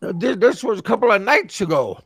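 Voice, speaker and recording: This is a male show host with a high voice, telling a story casually and stammering, repeating his words again and again. The sound is dry and close, with no room around it. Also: big pitch swings, moderate pace, a bit bright, husky, no room sound. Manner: talks back to chatters who interrupt him.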